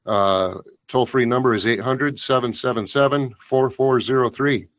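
A man's voice: medium pitch, steady tone, normal speed, a bit bright. A man hosting a talk show, chatting with his guest in an easygoing, plain-spoken way.

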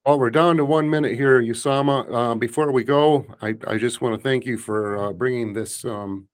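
Man reading scripture slowly. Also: medium pitch. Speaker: host. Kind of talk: scripture reading and casual hosting.

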